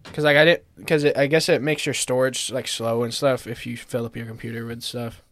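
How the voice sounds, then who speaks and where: A man's voice: medium pitch, little pitch movement, brisk, fairly bright tone. A young man hosting a casual podcast chat, laid-back and joking, laughing a lot. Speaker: podcast host.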